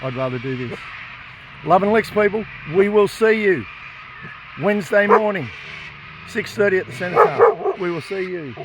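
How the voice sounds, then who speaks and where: A man's voice: sits high, big pitch swings, normal speed, pauses often, very noisy. An Australian man, an activist filming himself, speaking in an impassioned, defiant way and raising his voice to make his points. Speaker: animal rights activist. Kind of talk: impassioned filmed monologue and confrontation. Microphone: phone camera held by speaker.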